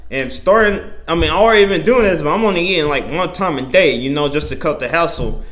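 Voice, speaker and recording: A young man hosting his own podcast, talking in a rambling, profane, animated way, full of slang and self-interruptions. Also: on the high side, quick pace. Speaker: podcast host. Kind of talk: casual solo podcast monologue.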